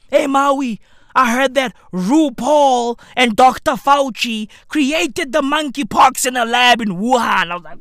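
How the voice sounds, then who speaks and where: A comedic host ranting profanely, with slang and repeated "bruv", swinging between shouting and muttering. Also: mid-range voice, measured pace, no echo. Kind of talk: comedic rant.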